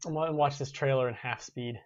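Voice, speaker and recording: With a steady, mid-range voice and a brisk pace, the gaming-show host in his twenties goes through viewer comments in loose, rambling chat full of restarts. The sound is dry and lo-fi.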